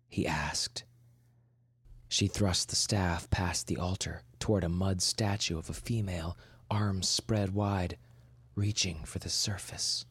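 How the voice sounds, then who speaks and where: Deep-voiced man narrating horror. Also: a bit bright, no room sound. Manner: measured, dramatic, drops to a whisper for tense moments. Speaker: podcast host and story narrator. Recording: narration over clear music.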